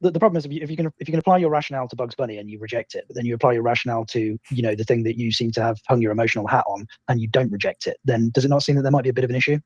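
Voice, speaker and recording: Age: unknown. Sex: man. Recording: muffled lo-fi. Pace: very fast. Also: mid-range voice, darkish tone, husky, no room sound. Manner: stammering, pressing questions. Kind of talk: debate challenge. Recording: muffled lo-fi line.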